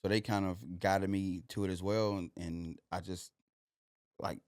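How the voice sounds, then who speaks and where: Low-voiced man telling stories. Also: steady tone, a little slow, a little mellow, clear, resonant tone, no echo, studio quality. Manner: loose, rambling, full of "like" and "you know". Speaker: podcast guest. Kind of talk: casual storytelling.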